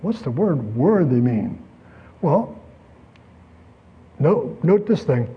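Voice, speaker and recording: A man preaching a sermon, telling a story and asking rhetorical questions with lively emphasis. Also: on the high side, slow pace, slightly rough, dull audio.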